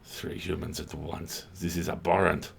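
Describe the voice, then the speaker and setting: A man's voice: extremely low pitch, flat delivery, moderate pace, vocal fry, a little hiss or hum, heavily acted. Man putting on a snooty disdainful cat. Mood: contemptuous. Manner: snooty, contemptuous, mock-French. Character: haughty disdainful female house cat.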